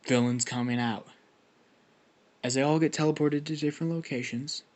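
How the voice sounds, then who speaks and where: A man's voice: fairly high pitch, fairly even intonation, moderate pace, a little mellow. A young man casually improvising a fan story, rambling and swearing with lots of restarts.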